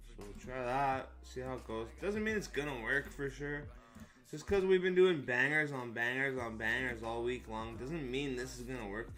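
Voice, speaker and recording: Casual male stream host, bright forceful voice, jokey and hyped, faint music behind. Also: medium pitch. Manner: joking, hyped, slangy and swearing. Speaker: live stream host for crypto trading. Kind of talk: casual live-stream chat over charts.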